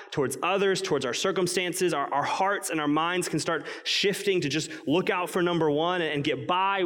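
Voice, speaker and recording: A man with a fairly high voice preaches a sermon in a large hall, and the long reverb trails after his words. He is earnest and emphatic, slowing right down on the points he wants to land. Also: a bit bright. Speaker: pastor.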